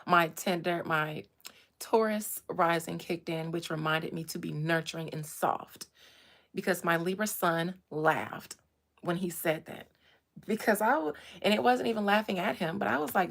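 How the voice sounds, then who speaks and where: A woman hosting a casual chat about astrology and gossip, animated, swinging from low murmurs to loud bursts. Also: normal speed, creaky. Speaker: host.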